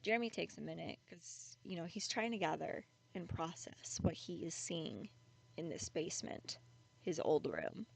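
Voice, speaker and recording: A woman's voice: fairly low pitch, expressive, moderate pace, gravelly, slightly rough. A woman casually retelling a creepy story in a chatty, conversational way with many fillers.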